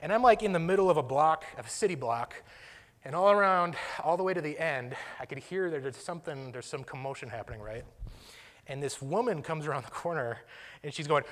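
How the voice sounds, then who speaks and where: A man's voice: on the high side, expressive, a little fast, fairly bright tone, in a large hall. A man casually telling a personal story, self-deprecating, chuckling and restarting his sentences.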